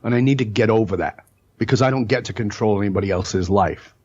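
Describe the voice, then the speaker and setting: Fast-talking and fairly low-pitched, with a slightly mellow tone, a middle-aged man tells stories during a podcast interview. He comes across as emphatic and blunt and curses occasionally. The sound quality is lo-fi.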